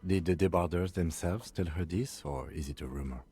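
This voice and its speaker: Brief: a reserved game lieutenant, low, mellow, slightly husky, calm. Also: male voice, fairly quick, faint music behind, exaggerated voice.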